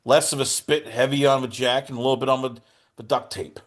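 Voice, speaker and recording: A man's voice: medium pitch, steady tone, brisk. A man hosting a podcast in casual chat, teasing his guest and slipping into mock-outraged quotes. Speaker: podcast host.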